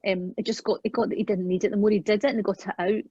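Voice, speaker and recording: A woman guest in an interview, earnestly telling a personal parenting story and acting out the quoted lines, often trailing off softly. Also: medium pitch, fairly even intonation, rapid-fire, breathy edge, no echo. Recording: dull, dry, lo-fi sound.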